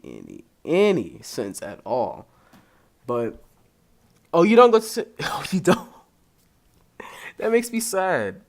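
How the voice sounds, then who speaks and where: A young man hosting a podcast in casual chat, rambling and swearing freely. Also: fairly high pitch. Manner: animated, profane, rambling. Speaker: podcast host.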